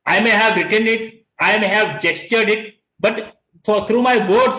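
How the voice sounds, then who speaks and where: A man's voice: high-pitched, moderate pace, hardly any pauses, sharp tone, reverberant, low-quality recording. A middle-aged man with an Indian English accent teaching an online class, repeating and stressing key words and slipping into Hindi.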